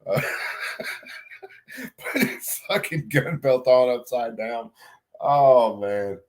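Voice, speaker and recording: A man's voice: mid-range voice, lively intonation, slow, a little mellow. A middle-aged man telling a story in a casual vlog, rambling, swearing freely and laughing at himself. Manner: rambling, profane, self-mocking, laughs a lot. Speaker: vlogger.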